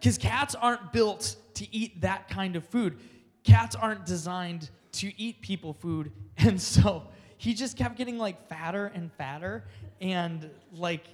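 A man telling a comic personal story to an audience, animated and laughing along as he goes. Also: sits high, a little slow, long reverb tail. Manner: animated, laughs through his own story.

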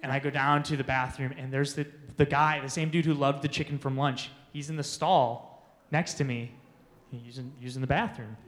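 A man telling funny, self-deprecating stories as a youth conference speaker to teens, animated and laughing as he goes. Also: mid-range voice, normal speed, in a large hall. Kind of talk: storytelling talk to teens.

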